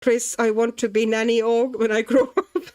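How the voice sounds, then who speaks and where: A Latvian woman hosts a relaxed colouring livestream, chatting with viewers, reading their comments aloud and musing about her work as she goes. Her voice is a little high and her pace moderate, and she comes across as chatty and easily amused.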